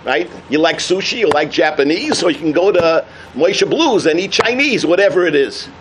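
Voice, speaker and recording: A man giving a sermon full of jokes and parables, telling them with energy and shouting out the punchlines. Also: a little high, expressive, moderate pace, noisy background. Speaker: rabbi giving a talk.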